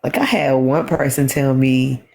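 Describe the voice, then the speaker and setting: A tired woman talking on a phone livestream, halting and repeating herself as she speaks with emotion. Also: very deep voice, fairly even intonation, vocal fry, darkish tone. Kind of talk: emotional casual livestream talk.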